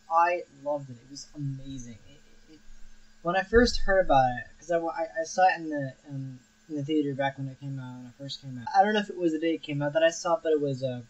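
A man's voice: on the high side, rough recording. A young man hosting a film review show, talking casually and rambling with frequent restarts and fillers.

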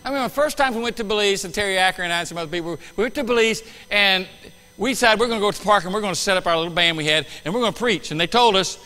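High, bright-voiced preaching man. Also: racing, in a large hall, low-quality recording. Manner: animated preaching with sudden loud bursts and quiet asides. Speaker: pastor. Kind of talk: sermon. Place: church sanctuary.

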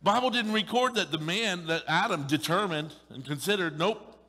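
A middle-aged man preaching a sermon in a church, joking and animated, with playful acted asides. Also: high-pitched, moderate pace. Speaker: pastor. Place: church sanctuary. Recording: long reverb of a large hall.

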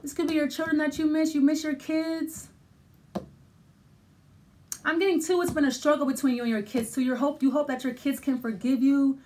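A woman's voice: high-pitched, steady tone, moderate pace, darkish tone, slight background noise. A woman giving a casual tarot reading, thinking aloud with many restarts and fillers. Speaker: tarot reader.

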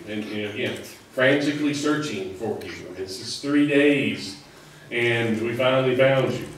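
A man's voice: medium pitch, moderate pace, a bit bright, slight background noise. A man preaching a sermon in a loose, conversational way, full of fillers and restarts. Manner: conversational, rambling with many fillers. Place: church sanctuary. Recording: echoey hall, mic at a distance.

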